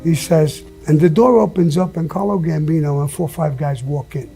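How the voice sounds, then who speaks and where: A man's voice: on the high side, fairly quick, vocal fry, dark tone, soft background music. A man being interviewed, telling blunt, profane stories with lots of emphasis and the odd laugh. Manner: blunt, emphatic, swears often, laughs mid-story. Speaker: interview guest. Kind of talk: profane storytelling.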